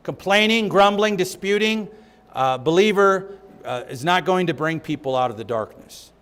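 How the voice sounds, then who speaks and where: A man's voice: high-pitched, expressive, normal speed, fairly bright tone, clean tone. A man teaching a Bible study in a church, emphatic and repeating his key phrases.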